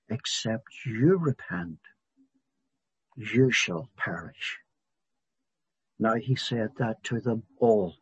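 A man preaching a sermon in a slow, emphatic way, repeating phrases for stress. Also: mid-range voice, breathy edge, no room sound.

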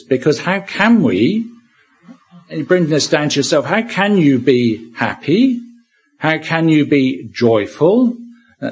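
A man's voice: on the high side, husky, low-quality recording. A man preaching a Bible sermon, reading scripture aloud and repeating key words with rhetorical questions. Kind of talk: expository sermon.

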